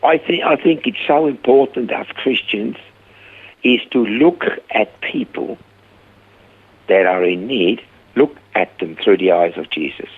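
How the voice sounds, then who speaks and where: An older man with a gravelly, husky voice tells his stories with animation, his pitch jumping up whenever he acts out his own words. He comes through a thin, tinny phone line. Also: unhurried. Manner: animated retelling, voice rising when quoting himself. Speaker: guest, rehab centre founder. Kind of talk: storytelling in a conversation.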